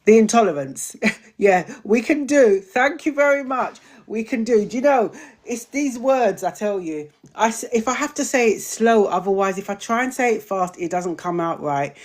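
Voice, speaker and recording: A woman's voice: fairly high pitch, animated, normal speed, a little mellow. A woman hosting a live online community chat, answering viewers' questions in a chatty way and tripping over long words. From Britain.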